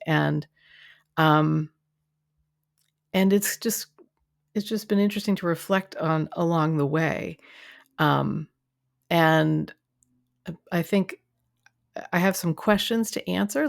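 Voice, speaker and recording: A woman's voice: low-pitched, vocal fry, dry recording, studio quality. A woman hosting her own podcast as a coach, talking in a chatty, rambling way with lots of fillers and restarts. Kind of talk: casual solo podcast monologue.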